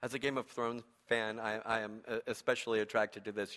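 A male pastor preaching a sermon with animated, humorous storytelling. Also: lowish voice, fairly quick.

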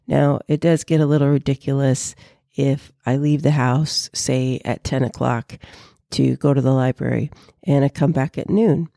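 A woman vlogger chatting casually to her viewers in an animated way. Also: extremely low pitch, moderate pace, creaky, no echo, studio quality. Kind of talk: casual chat.

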